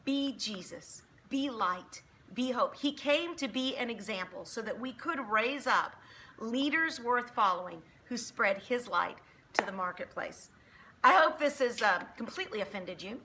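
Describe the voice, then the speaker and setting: Bright-voiced woman giving an emphatic faith talk. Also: on the high side, a little slow, a little hiss or hum. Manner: emphatic, preachy, animated storytelling. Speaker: Christian motivational speaker. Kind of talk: faith-based motivational talk.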